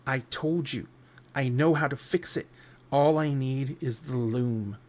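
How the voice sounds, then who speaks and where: A man's voice: mid-range voice, measured pace, a little mellow, close to an everyday voice. A man voicing Atropos, the eldest of the fates, grave and menacing. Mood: grim. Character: Atropos, cold eldest woman of fate.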